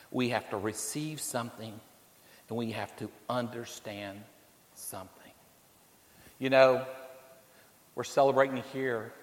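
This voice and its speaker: A male preacher giving a sermon, shifting between quiet pleas and rising storytelling, sometimes repeating words as he searches for the phrase. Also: medium pitch. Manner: builds to loud storytelling, then drops quiet. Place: church sanctuary. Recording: long hall reverb.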